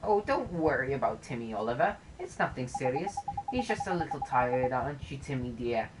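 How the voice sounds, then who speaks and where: A woman's voice: extremely low pitch, sing-song, normal speed, noisy background, pitched below the performer's own voice. A woman doing a doting old shopkeeper lady. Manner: sweet, fussing, endearments. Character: kindly older shopkeeper woman, fussy and doting. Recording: game music playing under the voice.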